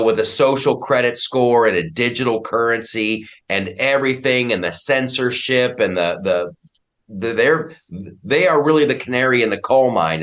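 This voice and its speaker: A middle-aged American man chats as a podcast guest at a medium pitch. He is forceful and opinionated, and he circles back and repeats himself as he builds an argument. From United States. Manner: emphatic, opinionated, frequent restarts. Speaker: comedian and commentator guest. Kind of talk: casual podcast chat.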